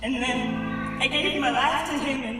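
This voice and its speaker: A woman's voice: high voice, fairly even intonation. Earnest woman in an echoey hall. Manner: earnest, halting, repeats herself. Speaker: actress giving testimony. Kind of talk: spoken testimony. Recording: echoey hall, far from the mic. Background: loud music and crowd.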